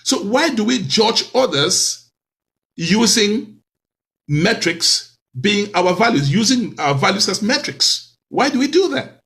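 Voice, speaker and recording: A man hosting a talk show, speaking in a lively, preacherly way with many rhetorical questions. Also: high voice, slow pace, vocal fry. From Cameroon.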